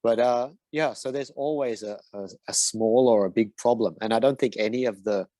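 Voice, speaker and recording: A man's voice: mid-range voice, moderate pace, warm tone, no echo. A man answering design questions as a mentor, in a casual and hesitant way with many fillers and restarts. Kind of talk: casual Q&A in an online session.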